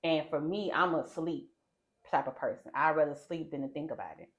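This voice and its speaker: A woman podcast host telling an animated personal story in casual chat. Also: low-pitched, brisk. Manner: animated storyteller, lively quoted voices. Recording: slightly dull lo-fi sound.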